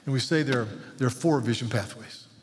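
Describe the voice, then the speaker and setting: Earnest pastor preaching in an echoing church. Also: male voice, mid-range voice, a little fast. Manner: earnest, pleading, repeats words when stirred. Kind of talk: sermon. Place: church sanctuary. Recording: long hall reverb.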